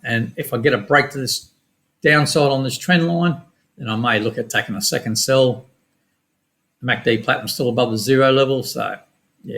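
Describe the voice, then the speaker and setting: Middle-aged Australian man, gravelly mid-pitched voice, relaxed and rapid trading-lesson patter. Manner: quick, casual, matter-of-fact with slang. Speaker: forex trading educator. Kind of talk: screen-share chart walkthrough.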